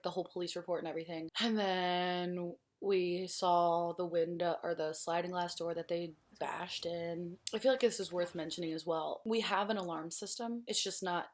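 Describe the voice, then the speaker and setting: Young woman vlogger, lowish voice, emotional rambling storytime delivery. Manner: emotional, rambling, heavy use of like and swearing. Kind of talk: personal storytime vlog.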